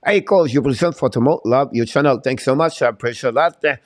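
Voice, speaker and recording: A man coaches and hosts a livestream in his first language, speaking in a fired-up, repetitive motivational way as he reads viewer chat. His mid-range voice is fast, and the sound is close and dry with no room echo.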